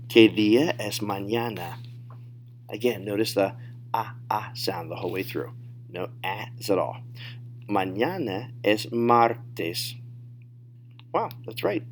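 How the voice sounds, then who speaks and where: A man teaching a recorded Spanish lesson, modeling phrases slowly and explaining pronunciation. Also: fairly low pitch, a little hiss or hum. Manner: slow, deliberate modeling of phrases.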